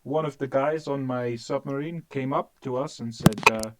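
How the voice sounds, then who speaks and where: The recording is very noisy as a cheerful thirty-something with an Essex accent banters before an online gaming session. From England, he tells stories and does voices at a moderate pace, with a medium pitch and few pauses.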